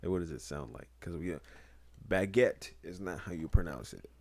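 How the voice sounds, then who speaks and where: A man's voice: sits low, expressive, normal speed, no room sound. A young man co-hosting a podcast, chatting casually, rambling and joking. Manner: rambling, joking, breaks into loud laughs. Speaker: podcast co-host.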